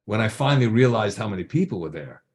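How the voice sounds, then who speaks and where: An older man with a lowish voice tells a long story in an easygoing, chatty way. He slips into other people's voices and sounds out drum beats as he goes. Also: quick pace. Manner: animated anecdote-telling, acting out voices and drum sounds. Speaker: guest drummer. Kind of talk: casual storytelling.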